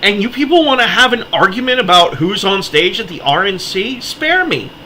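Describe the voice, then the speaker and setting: A man's voice: sits high, a little fast, pushed and bright, slight background noise, rough recording. An American man delivering an impassioned political monologue, heated and pleading, his voice cracking as he gets worked up. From United States. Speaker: political commentator.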